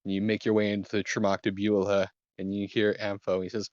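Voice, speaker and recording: A man narrating as game master, describing scenes with many pauses and restarts. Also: on the low side, completely flat delivery, darkish tone, dry recording, muffled recording. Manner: halting, many ums and restarts.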